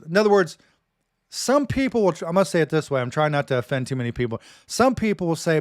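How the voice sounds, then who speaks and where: A man's voice: fairly high pitch, lively intonation, brisk, dry recording, studio quality. A man teaching from the Bible on his live stream in a casual, folksy way, often saying "man" and "dude".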